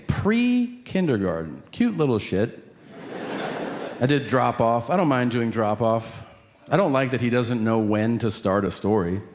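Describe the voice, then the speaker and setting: A man's voice: fairly low pitch, darkish tone. A man doing a stand-up comedy routine on stage, sarcastic and exasperated as he tells a story about family life. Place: comedy stage before a live audience. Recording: echoey live stage recording with noise.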